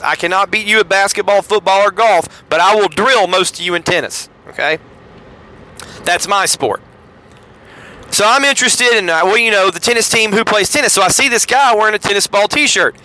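A man's voice: fairly quick, rough recording. A middle-aged man, telling a wry, sarcastic story in a casual podcast monologue. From Southeastern United States. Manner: wry, sarcastic storyteller with lively pitch swings. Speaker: podcast host.

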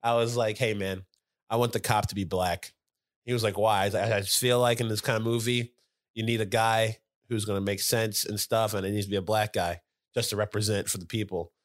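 A man chats on a podcast, swinging into animated retellings of his own arguments. He laughs often and jumps his voice up when quoting people. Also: fairly low pitch, a little fast, dry recording, studio quality. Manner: animated storyteller, laughs often, acts out quotes. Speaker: podcast co-host. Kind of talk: casual podcast chat.

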